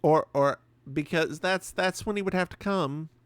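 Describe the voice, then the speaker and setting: A man's voice: on the high side, moderate pace, clear, resonant tone, dry recording. A man co-hosting a podcast, casually recapping a TV episode with chatty, playful asides. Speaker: podcast co-host.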